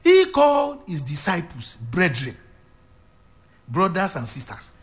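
A man's voice: fairly high pitch, huge pitch swings, measured pace. A man preaching a sermon, retelling a Bible story with fervent, dramatic delivery and repeated phrases.

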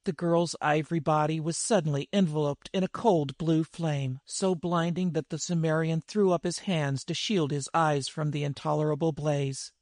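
A man narrating a dramatic fantasy story in a vivid, measured reading. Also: on the high side, steady tone, darkish tone, no room sound, clean studio sound. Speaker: audiobook narrator.

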